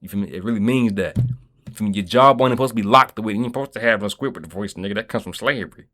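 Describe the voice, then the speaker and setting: A Kentucky man delivers a rambling, profane vlog monologue in a streetwise style, constantly checking in with "you feel me." His voice is fairly low, rapid-fire, pushed, and bright.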